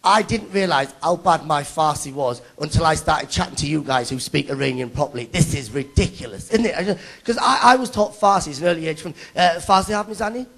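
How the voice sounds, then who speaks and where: A man's voice: a little high, brisk, gravelly, hardly any pauses, fairly bright tone. A young man from Middlesbrough, doing a live stand-up set on stage and bantering teasingly with the audience. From Middlesbrough, England. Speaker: stand-up comedian. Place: stage at a live awards show.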